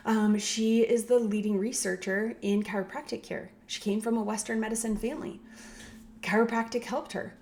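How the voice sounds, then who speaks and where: A woman's voice: medium pitch, darkish tone. Chatty woman chiropractor explaining. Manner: conversational, tag questions, acts out quoted voices. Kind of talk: casual educational talk.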